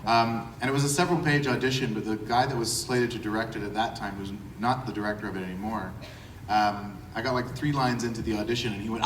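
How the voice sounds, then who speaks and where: A man's voice: on the low side, fast talker. Male panelist telling a story in a hall. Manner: relaxed storyteller with many fillers. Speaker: voice actor panelist. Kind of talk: panel anecdote. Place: convention panel room. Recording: roomy hall from far off with noise.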